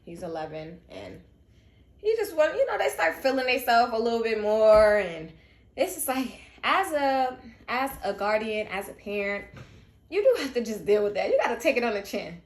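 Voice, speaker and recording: In a heartfelt, confiding vlog, a young woman tells her viewers about bringing up the children her sister left behind when she died. She speaks at a moderate pace in a high-leaning, sing-song voice, and the sound is reverberant.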